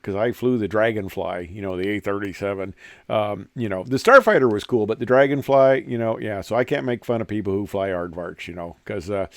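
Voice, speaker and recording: A man's voice: lowish voice, no echo. An older man and former pilot talks casually about old fighter planes, rambling with many "uh"s and restarts. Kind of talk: casual talk over pictures.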